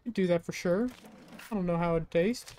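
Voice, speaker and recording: Her voice fairly low and dark in tone, this streamer talks at a moderate pace with slight background noise. She gives a joking, casual let's-play commentary, chatting with the in-game customers as she goes.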